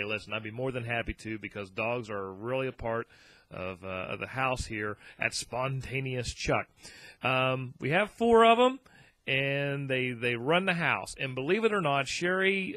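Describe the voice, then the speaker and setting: A man's voice: fairly high pitch, fairly bright tone. A man hosting his own vlog, chatting casually and rambling as he shows his dogs. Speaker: vlog host. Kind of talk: casual chat.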